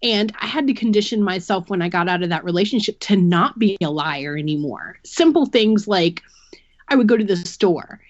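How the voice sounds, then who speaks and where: A woman's voice: mid-range voice, expressive, moderate pace, no echo, lo-fi sound. Earnest woman explaining with analogies. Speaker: podcast guest. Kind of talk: candid personal account.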